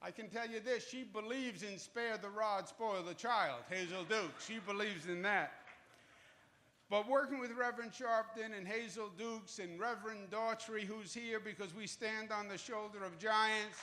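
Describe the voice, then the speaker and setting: A man's voice: sits high, moderate pace, bright, forceful tone, a little hiss or hum. A man in his sixties with a New York accent, giving a public speech as a state governor, emphatic and repetitive with joking asides. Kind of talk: public speech at a groundbreaking event. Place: outdoor event in Harlem.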